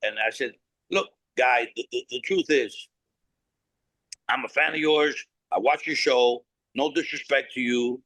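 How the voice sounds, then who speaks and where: A man's voice: mid-range voice, fairly bright tone, dry recording, rough recording. A blunt, no-nonsense man, a cigar company founder, telling a story in an interview, acting out both sides of a conversation and swearing freely.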